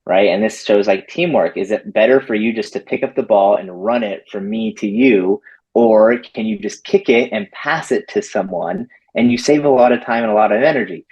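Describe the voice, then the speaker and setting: With a lowish voice and the high frequencies cut off, a man who trains dogs recounts a story in a relaxed interview. He's lively, performing other people's lines and filling his speech with "like."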